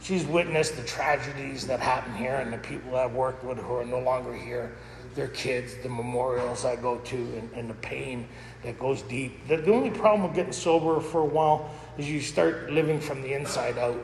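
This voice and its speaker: A man's voice: medium pitch, moderate pace, crowd noise. A middle-aged man giving a candid, rambling personal testimony as a recovery meeting speaker. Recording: echoey hall with faint noise.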